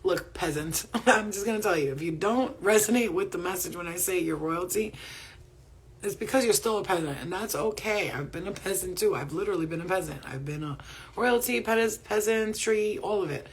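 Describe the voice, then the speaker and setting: A woman's voice: mid-range voice, a little fast, a little hiss or hum. A woman hosting a casual spiritual livestream, reading viewer comments, laughing often and swearing freely. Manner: profane, laughing often, animated.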